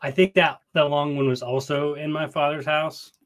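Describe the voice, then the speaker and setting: A man's voice: a little high, level tone, moderate pace. Playful chatty man hosting a podcast. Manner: playful, jokey, chatty with filler words. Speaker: podcast co-host. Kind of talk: casual podcast chat. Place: small closet.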